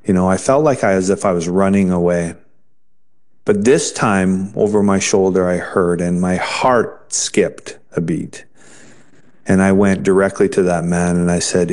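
A man telling his conversion story in an interview, earnest and halting, often restarting his sentences. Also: deep voice, steady tone, a little mellow. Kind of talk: personal testimony in an interview.

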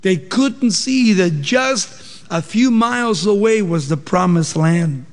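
A man's voice: high voice, lively intonation, slow, long reverb tail. A male pastor preaching a sermon, explaining scripture with rhetorical questions.

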